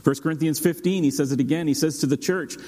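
A man preaching a sermon as pastor, steady and earnest, dropping low for emphasis and rising to urge his listeners. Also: fast. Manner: steady preaching with dramatic drops and rising exhortation. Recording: long hall reverb.

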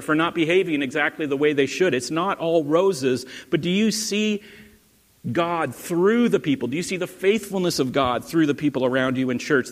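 Earnest man preaching in a reverberant hall. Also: a little high. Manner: earnest, conversational preaching with rhetorical questions. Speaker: pastor. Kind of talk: sermon.

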